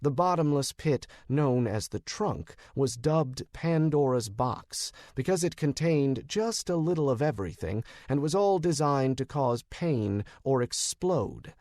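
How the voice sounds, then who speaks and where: A man's voice: medium pitch, expressive, a little slow, hardly any pauses, a little mellow, no echo, studio quality. A man reading a first-person audiobook in a wry, sardonic narrating manner.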